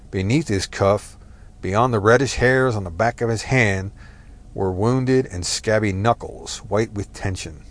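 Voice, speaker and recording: Low-voiced man reading a dark story. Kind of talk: scripted story narration.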